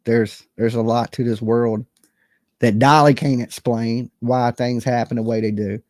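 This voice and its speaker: A man's voice: medium pitch, steady tone, unhurried, a little mellow, no echo, clean studio sound. A man, hosting a true crime channel and chatting bluntly and casually, with plenty of swearing. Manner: blunt, profane, conversational, reads chat comments aloud. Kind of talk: casual livestream chat.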